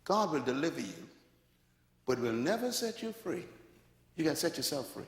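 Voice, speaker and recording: A man's voice: fairly high pitch, normal speed. A man preaching a sermon, telling stories with laughs and sudden calls to his listeners. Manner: animated storytelling preacher with laughs and call-outs. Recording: echoey hall.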